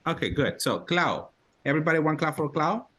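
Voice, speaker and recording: A man's voice: fairly high pitch, animated, fairly quick, very noisy. A man teaching call center English on a video call, repeating phrases and encouraging the learners. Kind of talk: online class coaching.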